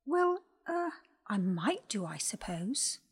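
A woman's voice: fairly high pitch, big pitch swings, slow, slightly rough, heavily acted. A woman doing a fussy bird lady. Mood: unsure. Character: kindly bird-loving woman, flustered then fierce.

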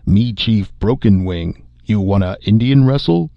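A man with a deep, gravelly voice voicing a drunk male spacer, loud, slurring and rambling, on a dull lo-fi recording. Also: measured pace, no room sound. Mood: boisterous. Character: drunk, boisterous male spacer just back to Earth.

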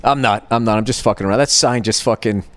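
A man's voice: lowish voice, quick pace, fairly bright tone. A man in his fifties hosting a podcast, telling a rambling, profane comedic story with lots of restarts. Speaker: podcast host.

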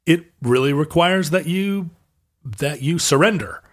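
A man's voice: fairly high pitch, expressive, unhurried. A man co-hosting a podcast, explaining things casually with lots of fillers and restarts. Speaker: podcast co-host. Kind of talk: casual chat.

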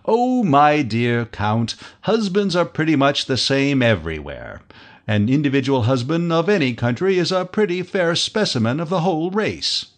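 A man's voice: fairly high pitch, sing-song, normal speed. A man reading the part of a teasing, flippant young French viscount in an audiobook, with playful mock-dramatic complaints.

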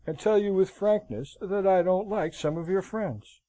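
A man voicing a stern, blunt middle-aged army colonel in an audiobook, speaking curtly and gravely. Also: high voice, normal speed, dark tone, no echo, pitched above the performer's own voice, close to an everyday voice. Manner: curt, grave, frank.

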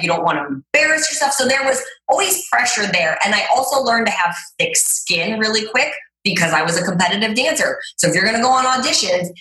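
A woman guest talks through her story in a loose, chatty way, packing her sentences with filler words. Her voice is bright and forceful. The recording has a roomy echo around her. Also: medium pitch. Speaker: guest, fitness trainer. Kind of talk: casual storytelling interview.

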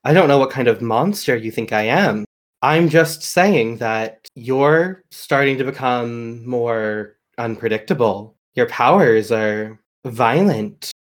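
A man voicing a calm, menacing male villain who speaks softly, slowly and in a measured way. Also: medium pitch, lightly acted. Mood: coolly menacing.

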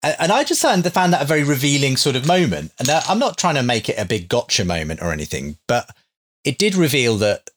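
A man's voice: mid-range voice, big pitch swings, brisk, dry recording, clean studio sound. A man who hosts a faith debate show, telling an anecdote earnestly in a hedging, conversational way with many fillers.

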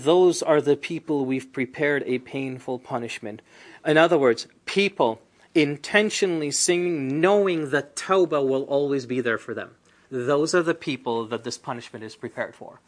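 A man leads an indoor Quran class in a relaxed, conversational way. He talks with his students rather than at them. He throws out rhetorical questions and offhand asides as he explains. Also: mid-range voice, normal speed. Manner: lively, asks rhetorical questions, chatty asides. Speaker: Islamic teacher.

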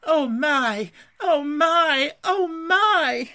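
A reader voicing an excitable, timid male mole in a storybook who gasps in breathless wonder. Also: medium pitch, moderate pace, pitched above the performer's own voice. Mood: amazed. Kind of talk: storybook reading.

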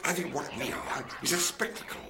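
An actor playing an eccentric, excitable scientist explorer, who muses enthusiastically and talks to strange creatures in simple words. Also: male voice, fairly high pitch, brisk, creaky, very noisy.

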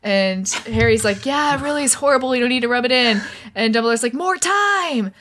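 A woman co-hosting a podcast, casually and irreverently recapping a book chapter and acting out the characters' lines in quick voices. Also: a little high, lively intonation, a bit bright. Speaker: podcast co-host.

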